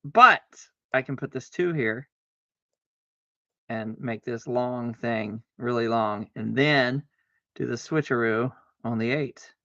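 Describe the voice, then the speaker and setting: A man streaming a card game, chatting casually to himself, arguing back and forth aloud with sudden excited exclamations. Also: mid-range voice, takes it slowly, dry recording, muffled recording. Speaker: livestreamer playing solitaire. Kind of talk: casual self-talk while gaming.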